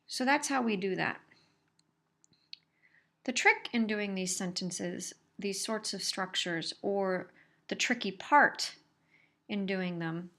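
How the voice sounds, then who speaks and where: In a recorded grammar lecture, a woman who teaches college English explains things carefully and puts stress on her example sentences. She has a mid-range, slightly bright voice.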